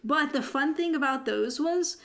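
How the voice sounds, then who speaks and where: A woman's voice: high voice, moderate pace, fairly bright tone. A woman co-hosting a podcast in casual chat, rambling with fillers and giggling often. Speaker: podcast co-host.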